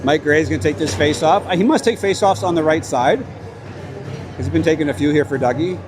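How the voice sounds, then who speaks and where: At a rink with a crowd, a man calls an amateur hockey game play-by-play on a livestream, chatty, casual and openly cheering for his team. His voice is a little high at a moderate pace, and the background is noisy.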